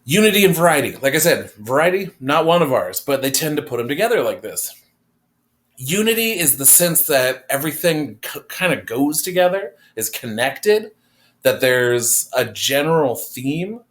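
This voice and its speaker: A man's voice: fairly high pitch, sing-song, moderate pace, fairly bright tone. A man teaching an art class, explaining design principles in a casual, conversational way with fillers, recorded in a classroom. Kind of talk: classroom lecture.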